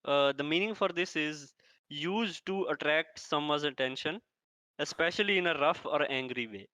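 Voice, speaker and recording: Guy playing a strict teacher, lots of uh's, bright crisp voice. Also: a little high, moderate pace, dry recording, low-quality recording. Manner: mock-stern, hesitant with many fillers. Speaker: teacher running a spelling bee. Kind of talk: comedic classroom role-play.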